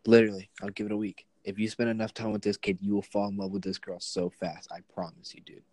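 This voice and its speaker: A man's voice: lowish voice, flat delivery, quick pace, darkish tone, dry recording. A young man hosting a podcast, chatting loosely with a friend and swearing freely. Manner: loose, profane banter with friend. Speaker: podcast host. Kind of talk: casual chat.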